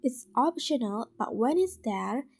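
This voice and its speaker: A woman student with an Indonesian accent presenting a class video lesson, explaining slowly and carefully with repeated examples. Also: fairly high pitch, lively intonation, gravelly, a little mellow, breathy edge.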